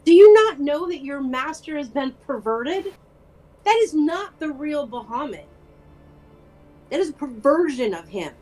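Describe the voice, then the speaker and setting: A woman's voice: high voice, animated, measured pace, dark tone, faint music behind, voice pushed up, rough recording. A woman voicing a defiant adventurer who keeps a baby dragon, in a tabletop game, speaking in pointed challenges.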